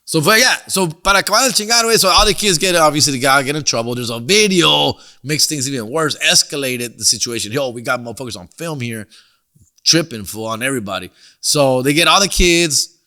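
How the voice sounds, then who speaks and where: A middle-aged comedian podcast host tells a slangy story, mixing in Spanish and peppering it with "fool" and "dog". His fairly high voice has lively intonation and a sharp tone, running a little fast.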